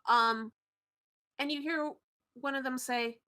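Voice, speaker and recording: High-voiced woman game master. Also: steady tone, slow, sharp tone. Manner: loose and chatty, with frequent fillers. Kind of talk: narrating a tabletop game.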